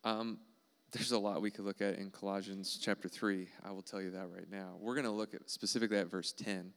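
A man preaches a sermon earnestly, driving points home by repeating them. His voice sits low and has a gravelly edge. Under the grit the tone stays smooth and resonant. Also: fairly even intonation, a little fast, a bit bright. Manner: earnest, emphatic preaching with repetitions. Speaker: pastor.

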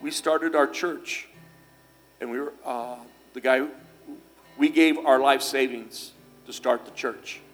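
A man's voice: mid-range voice, steady tone, takes it slowly. A man delivering a church sermon, mixing scripture with homespun stories. He talks in a folksy, easygoing way, full of little fillers and restarts, with faint music behind him. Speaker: pastor.

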